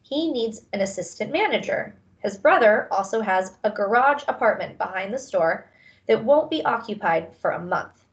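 A woman voicing a gentle, earnest father who speaks softly, in a storybook reading. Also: mid-range voice, lively intonation, moderate pace, highs cut off, close to an everyday voice. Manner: soft-spoken, earnest.

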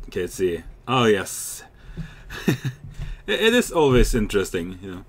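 A young man giving casual, chatty commentary while playing a game, excitable and swearing freely. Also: on the low side, normal speed, pauses often. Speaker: gamer.

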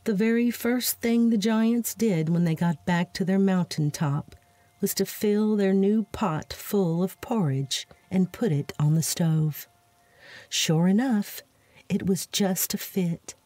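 A woman narrating a fairytale as a soft bedtime story, slow and soothing, lightly voicing the giants' lines. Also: medium pitch, no echo.

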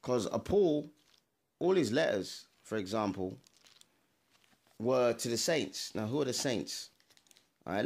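A man with a gravelly, creaky voice leads a casual Bible study to camera. He talks in an emphatic, direct way and checks his sources as he goes. His pitch sits in a middle range. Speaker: Bible teacher. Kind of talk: informal video Bible teaching. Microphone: camera mic, adjusting camera while talking.

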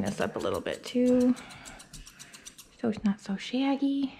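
In a grooming salon, a young woman dog groomer chats casually while working on a dog, a little out of breath, for a grooming vlog. Her voice is fairly high, gravelly and dark-toned, with wildly swooping pitch and a slightly slow pace, and there's a little hiss or hum. She's chatty, thinks aloud, and coos at the dog.

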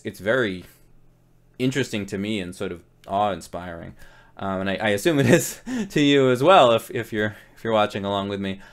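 A man, a rock guitarist, talking casually as he reacts to a cover, rambling with many restarts and fillers. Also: lowish voice.

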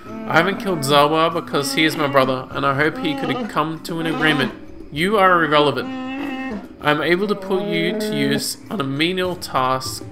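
A man reading a proud, scheming male Wookiee chieftain's lines with slow, pompous proclamations. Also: fairly high pitch, lightly acted. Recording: game music under voice. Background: game music.

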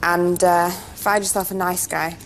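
A woman's voice: fairly low pitch, flat delivery, measured pace, a little hiss or hum. A woman, a reality show housemate, chatting casually with a playful, teasing manner. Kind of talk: casual chat.

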